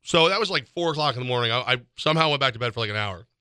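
A quick-talking man with a very bright, forceful voice tells a rambling story in casual chat and restarts his sentences often. He mocks himself as he goes and chews gum. The sound is dry and close, with no room around it. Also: medium pitch, animated, smooth, no echo. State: chewing gum. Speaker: sports radio co-host.

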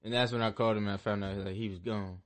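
A young man co-hosting a podcast, telling animated stories in casual chat and swearing freely. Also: on the low side, racing. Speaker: podcast co-host.

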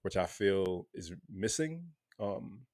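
A man's voice: sits low, big pitch swings, slow pace, vocal fry, a little mellow, no echo, studio quality. A man in casual chat, laid-back, talking with lots of fillers and restarts.

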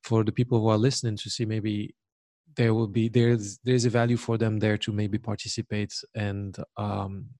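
Low-voiced guy asking interview questions, lots of ums, gravelly and dry. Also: flat delivery, normal speed, warm tone, no room sound. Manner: hesitant, many ums while forming questions. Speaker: interviewer, podcast host.

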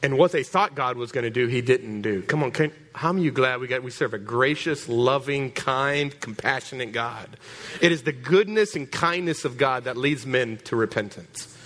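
A man preaching a storytelling sermon, animated, stumbling over repeated words and calling out to the congregation. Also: mid-range voice, moderate pace. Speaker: pastor.

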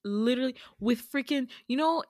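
A woman's voice: sits high, moderate pace, a little mellow, no echo, studio quality. A young woman hosting a podcast, chatty and giggly, casually retelling a dream. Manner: giggly, chatty, lots of fillers. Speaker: podcast host. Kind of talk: casual storytelling.

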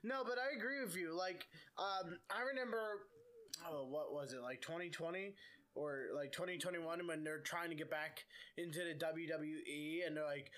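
A young man with a fairly high voice tells stories in casual podcast chat. He leans on fillers and restarts his sentences as he goes. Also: normal speed, a bit bright. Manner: chatty storytelling, many fillers. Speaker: podcast co-host.

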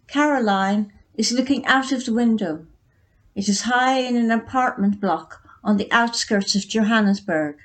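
A woman narrating a short story in a measured, even reading voice. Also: medium pitch. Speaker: reader.

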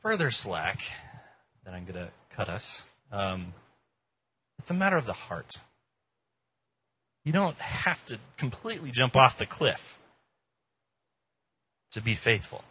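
A man preaching a casual, joking sermon in an informal, animated way. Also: mid-range voice, slow pace, long pauses, slightly rough. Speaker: pastor.

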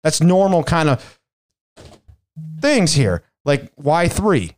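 A man hosting a podcast, telling a rambling, profane story in casual chat with animated quoted asides. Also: fairly high pitch, takes it slowly, a little hiss or hum. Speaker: podcast host.

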